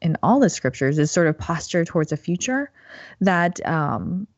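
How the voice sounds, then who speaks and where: Woman, low voice, hesitant, lots of ums, dry lo-fi call. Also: very animated, normal speed, dry recording. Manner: hesitant, lots of fillers and hedging. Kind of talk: casual conversational discussion.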